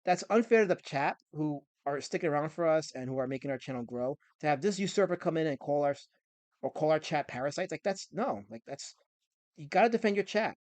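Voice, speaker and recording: A man's voice: on the high side, expressive, a little fast, darkish tone, dry recording. A man hosting a live stream, chatting casually and often stammering and repeating words. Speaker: streamer host.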